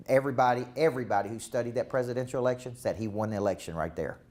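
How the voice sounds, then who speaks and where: A man's voice: mid-range voice, rapid-fire, darkish tone. Emphatic male business coach at a seminar. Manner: emphatic, repetitive, rallying. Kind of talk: live motivational seminar talk.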